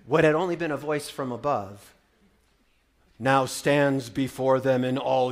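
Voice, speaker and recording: A man and parent preaching a sermon, swinging from loud proclaiming to hushed wonder, with wry, playful storytelling. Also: medium pitch, steady tone, unhurried. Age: adult parent. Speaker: pastor.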